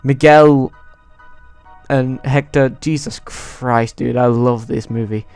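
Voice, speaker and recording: Excitable male vlogger, casual and foul-mouthed, smooth mid-pitched voice. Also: slow pace, soft background music. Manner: excitable, swears freely. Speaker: YouTuber. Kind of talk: casual movie ranking vlog.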